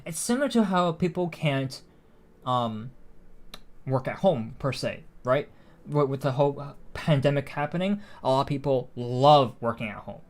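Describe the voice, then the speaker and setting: A man's voice: medium pitch, expressive, moderate pace, a little mellow. A man streaming a video game, chatting casually and thinking aloud with frequent restarts and fillers. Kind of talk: casual live-stream chat while gaming.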